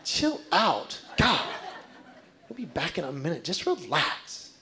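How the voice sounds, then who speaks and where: A man's voice: fairly high pitch, wildly swooping pitch, slow, bright, forceful tone, heavily acted. A man doing his grumpy, sleepy wife. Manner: grumpy, curt, half-asleep. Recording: live stage recording with background noise.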